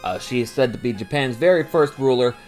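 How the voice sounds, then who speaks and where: A man's voice: medium pitch, fairly quick. A man with an average, mid-range voice talks through an anime episode like he's chatting with a friend. He stumbles over fillers, laughs easily and swears without a second thought. Faint music plays under him. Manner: gets animated and opinionated. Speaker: podcast host recapping an anime. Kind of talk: casual episode recap.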